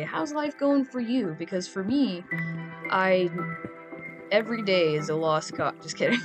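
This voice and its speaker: A teenage girl giving casual, goofy gameplay commentary, chatting and rambling to her audience. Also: fairly low pitch. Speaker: gamer.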